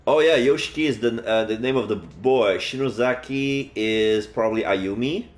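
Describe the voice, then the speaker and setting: A man's voice: medium pitch, normal speed, soft background music. A man streaming a game live, commenting with wry, joking asides.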